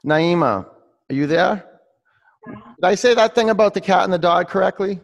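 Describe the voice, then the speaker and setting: A man's voice: high voice, normal speed, creaky, muffled recording. A man leading a live-streamed yoga class, giving pose cues between rambling, laughing asides. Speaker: yoga teacher.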